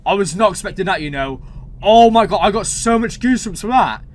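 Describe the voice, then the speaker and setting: This reaction-channel host is a man whose voice sits high and moves a little fast. Thinking out loud as he goes through a TV episode, he's excited and full of exclamations and fillers.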